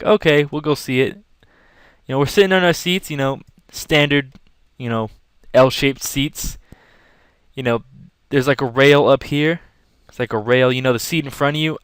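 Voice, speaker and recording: A man's voice: mid-range voice, no room sound. A young man telling a rambling, casual story to camera while drawing, acting out scenes as he goes. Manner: rambling, animated, acts out yelling. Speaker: vlogger.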